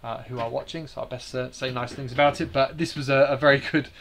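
Man with a gravelly voice. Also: mid-range voice, steady tone, quick pace, fairly bright tone, a little hiss or hum. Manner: hesitant, many fillers and restarts, explanatory. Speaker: bonsai teacher hosting a live stream. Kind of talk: live stream presentation.

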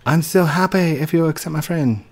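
A man reading out chat messages in the voice of an eager young kid fan, squeaky and pleading. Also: normal speed. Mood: gushing.

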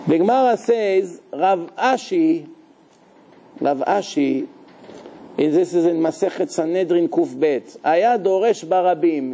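A rabbi with a voice that sits high lectures on Torah before a live audience, in an animated, joking manner, posing questions to those listening and using Hebrew terms here and there.

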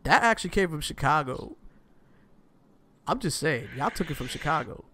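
A young man from the US East Coast hosting a casual livestream, talking in an animated, slangy way with laughing asides. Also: a little high, moderate pace, slight background noise. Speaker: host.

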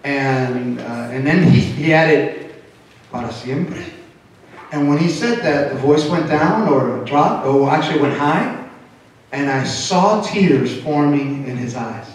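A middle-aged man preaches a sermon with animated delivery and a fairly high voice. He is picked up from some distance in a very echoey church hall. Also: slow. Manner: animated, switches into Spanish, acts out quotes. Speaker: pastor. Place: church sanctuary.

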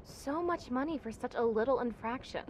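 A woman's voice: a little high, normal speed, distant mic, over a noisy crowd, close to an everyday voice. An actress voicing an adult woman pedestrian in a police video game who apologizes and pleads with an officer. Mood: pleading.

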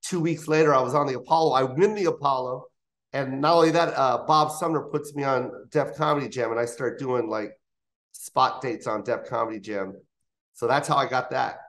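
In an interview studio, a comedian guest in his fifties spins animated stories, slipping into other people's voices as he goes. He speaks at a moderate pace with a medium pitch.

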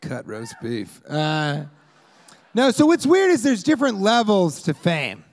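A male stand-up comic on a club stage with a handheld mic, his somewhat high voice full of gravel. He rambles through his set, and his pitch swings wildly as he shouts out bits of crowd work and acts out fans yelling at him. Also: huge pitch swings, a little slow. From Colorado, US. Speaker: stand-up comedian. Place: comedy club stage with a live audience.

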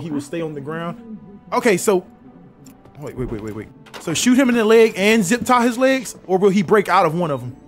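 A young man streaming a game live, commenting in an exasperated, profane way and repeating himself. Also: fairly high pitch. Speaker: gaming streamer.

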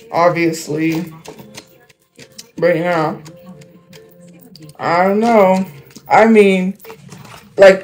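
A man's voice: high-pitched, a little mellow, low-quality recording. A young man chatting casually on a livestream. He rambles, jumps between topics and fills his talk with fillers.

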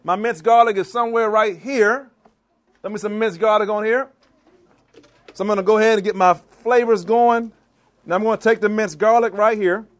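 A high-pitched man with a steady tone and moderate pace, from the Washington DC and Maryland area with a Maryland accent. He's a chef giving a live cooking demo in a church hall, playfully quizzing his audience in call and response.

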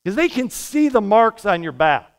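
In a church sanctuary, a male pastor preaches with energy and a conversational style, tossing quick asides to the congregation. His voice is high and smooth.

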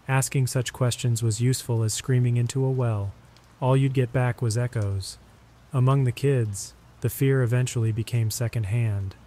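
A man narrating horror stories in a steady, measured, scripted delivery. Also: mid-range voice. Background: rain.

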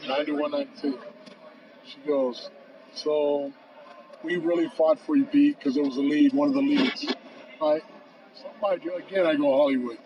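A man in his fifties, a podcast guest, telling a long anecdote with lively acted-out dialogue and frequent "bro.". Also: fairly high pitch, moderate pace, pauses often. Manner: lively storyteller acting out both sides of phone calls, says "bro" often. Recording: distant, dull and noisy.

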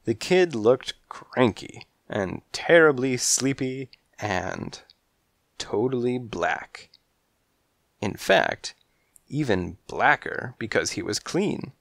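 A man narrating a children's mystery audiobook in the first person, with measured, dry storytelling. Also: mid-range voice, sing-song, vocal fry, a bit bright, no echo.

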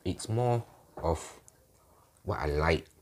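A Singaporean man with a low, deep voice chats loosely to camera as a food-review host. He talks in a relaxed, easygoing manner, dropping local particles into his sentences, recorded on a dedicated mic at home. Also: slow pace, background noise. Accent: Singaporean English. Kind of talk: casual mukbang chat. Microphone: dedicated microphone.

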